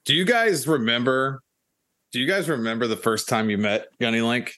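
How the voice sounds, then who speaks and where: A man's voice: medium pitch, moderate pace, pushed and bright. A man hosting a veterans' podcast, chatting casually and steering the talk with plenty of fillers. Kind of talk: casual chat.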